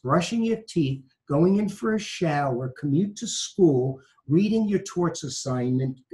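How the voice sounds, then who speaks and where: A man's voice: on the high side, warm tone, low-quality recording. A man from New York with a light Brooklyn accent, a law professor giving emphatic advice and repeating his key phrases. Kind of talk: conversational advice talk.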